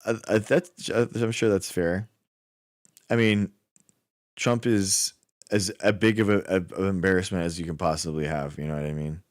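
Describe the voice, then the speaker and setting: Young American male streamer, very low and dry, loose rambling chat full of filler. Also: fairly even intonation, normal speed, dry recording. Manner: rambling, says "like" and "dude" a lot. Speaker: livestream host. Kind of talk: casual chat with chat viewers.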